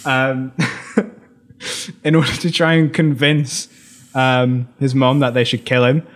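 A man's voice: mid-range voice, flat delivery, slow pace, a bit bright. A British man co-hosting a film podcast, recapping scenes in a rambling casual way, laughing often and restarting his sentences.

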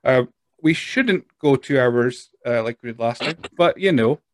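A man's voice: mid-range voice, expressive, unhurried, a little hiss or hum. A man hosting a podcast in a casual, rambling, self-deprecating way. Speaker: podcast host. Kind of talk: casual chat.

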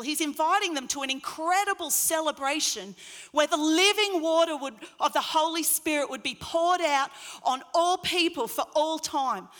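A woman preaching a sermon in an expressive way, her voice rising into loud calls at its peaks. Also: high voice, in a large hall. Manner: expressive, rising to loud acted crowd cries.

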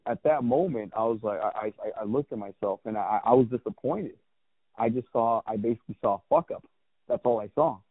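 A man's voice: mid-range voice, fairly quick, slightly rough, no echo. Candid rambling man on a tinny line. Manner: candid, rambling, with frequent restarts and swearing. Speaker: guest, clothing brand founder. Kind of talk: casual personal storytelling. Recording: tinny phone-like dry sound.

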